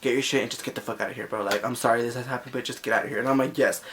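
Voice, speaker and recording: A man's voice: medium pitch, fairly even intonation, racing, a bit bright, a little hiss or hum. A young man telling a personal story in a chatty, sassy way, full of filler words. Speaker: vlogger. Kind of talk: casual storytime.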